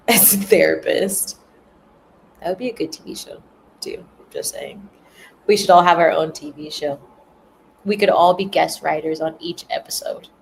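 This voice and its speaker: A woman's voice: low voice, gravelly, a little hiss or hum, low-quality recording. A woman chatting casually and rambling on a livestream, laughing often as she tells stories. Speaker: spiritual content creator.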